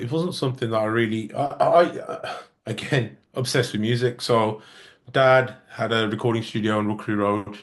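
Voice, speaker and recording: A man, a musician guest telling stories in a casual interview and acting out the dialogue he quotes. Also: fairly low pitch. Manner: lively storyteller who acts out quoted dialogue.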